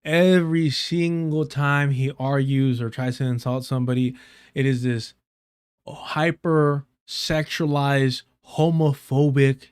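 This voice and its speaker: A man's voice: medium pitch, flat delivery, takes it slowly, clear, resonant tone, dry recording, studio quality. A man hosting a live stream, giving angry, repetitive commentary on a clip, swearing often. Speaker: live stream host reacting to clips.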